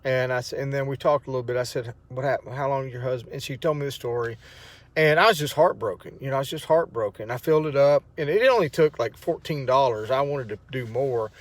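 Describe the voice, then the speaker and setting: A man's voice: medium pitch, fast talker. A middle-aged man, telling a personal testimony in a rambling, emotional way with many restarts. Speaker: vlogger sharing a testimony. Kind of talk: casual spoken testimony.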